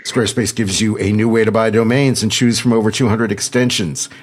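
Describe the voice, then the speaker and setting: A man's voice: on the low side, level tone, a little fast. A man hosting a podcast, reading an ad and then chatting with a guest in a jokey, rambling, self-deprecating way. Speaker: podcast host. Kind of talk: conversational podcast interview.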